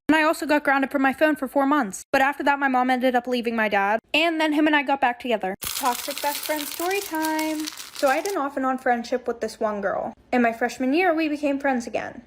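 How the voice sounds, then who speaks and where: High-voiced young woman telling a storytime. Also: no echo, poor audio. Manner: blunt, profane, chatty. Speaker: storytime TikToker. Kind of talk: casual storytime monologue.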